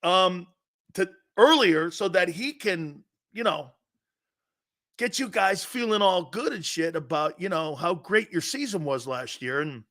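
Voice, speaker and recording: A middle-aged man hosting a sports talk show, chatting casually and reacting to viewer comments with frequent laughter and rambling asides. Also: high-pitched.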